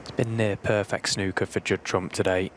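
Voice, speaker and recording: Low-voiced man giving expert analysis. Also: flat delivery, a little hiss or hum. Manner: analytical, measured. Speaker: co-commentator, former player. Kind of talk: live sports commentary.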